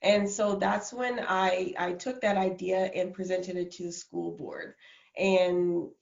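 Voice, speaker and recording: Woman guest, motivational speaker, animated and laughing, echoey lo-fi call audio. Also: lowish voice, slow pace, creaky. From Minnesota, USA. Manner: animated, laughs often, many restarts. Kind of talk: casual video-call interview. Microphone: video call. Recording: roomy, dull lo-fi sound.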